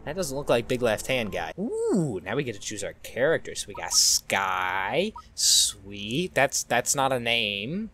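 Animated young-sounding man playing a video game. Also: mid-range voice, measured pace, few pauses, a little hiss or hum. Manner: animated, jokey, exclaims at the game. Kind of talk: let's-play commentary.

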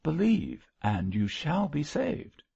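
A man's voice: on the high side, wildly swooping pitch, slow, vocal fry, warm tone, husky, pitched above the performer's own voice, heavily acted. A man voicing a fervent lay preacher who pleads and lectures in a grave, preachy manner. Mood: earnest. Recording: muffled lo-fi recording.

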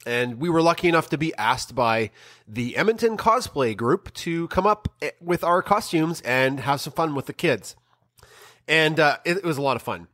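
A man's voice: fairly high pitch, lively intonation, normal speed, fairly bright tone, no room sound, studio quality. A middle-aged man co-hosting a podcast, telling a family story in a rambling way with frequent ums and restarts. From Canada. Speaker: podcast co-host. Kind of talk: casual chat.

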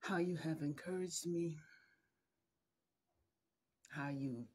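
Tearful, slow-speaking middle-aged woman. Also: low-pitched, darkish tone, breathy edge. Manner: slow, tender, halting, drops to a whisper. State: emotional, holding back tears. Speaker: mother addressing her adult son. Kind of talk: heartfelt personal video message.

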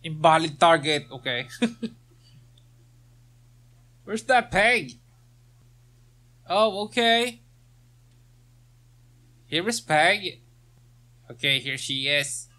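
Man, slow easygoing delivery, bright voice, gameplay commentary, reads quest text, jokes and laughs. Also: on the high side, expressive. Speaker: let's play gamer.

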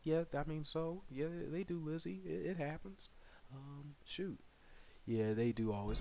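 A man streaming a game live and chatting with viewers, excitable and slangy, jumping from loud shouts to low mutters. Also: measured pace. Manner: slangy, playful banter with chat. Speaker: gaming streamer. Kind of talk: live gameplay commentary reading chat.

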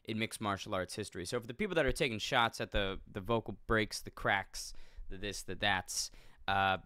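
A man commenting casually on a video, blunt and animated, swearing now and then. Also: fairly low pitch, normal speed, clean tone, dry recording, studio quality. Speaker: YouTube commentator.

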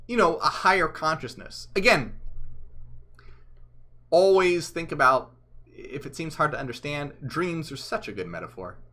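Man, earnest explainer host, bright tense tone, mid pitch. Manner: earnest, emphatic, trails off softly. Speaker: channel host. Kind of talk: spoken explainer lecture.

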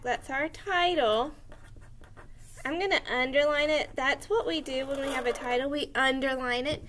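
Brief: woman teacher with a high voice, recorded lesson for young children, patient and clear. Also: fairly bright tone, slight background noise. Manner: slow, clear and encouraging, spelling out words as she writes.

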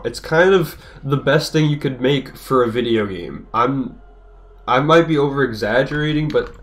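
A young man streaming a rhythm game, talking in a rambling, profane, restless way as he plays. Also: mid-range voice. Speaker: gaming streamer. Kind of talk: casual gameplay commentary. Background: game music.

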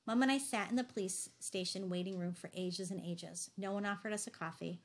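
A woman reading a novel aloud in steady first-person narration. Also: mid-range voice, a little fast. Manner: steady storytelling delivery. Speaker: audiobook narrator.

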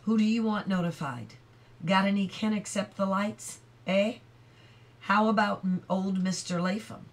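A woman's voice: mid-range voice, a little slow, natural voice. A woman reading as a plainspoken kindly sheriff. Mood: matter-of-fact.

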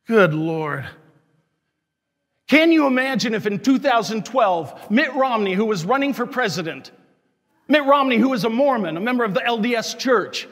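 A male priest with a high voice, preaching with fiery, scolding emphasis. His words ring out with a long reverb through the church, as if from the pulpit. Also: fairly bright tone. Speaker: Catholic parish priest. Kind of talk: sermon.

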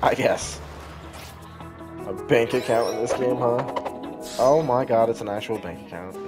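A young man narrates his gameplay with a sarcastic, joking running commentary, talking back to the characters on screen. His pitch swings widely as he reacts, and clear game music plays behind his voice. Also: animated, normal speed, pauses often. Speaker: gaming YouTuber. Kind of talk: let's play commentary.

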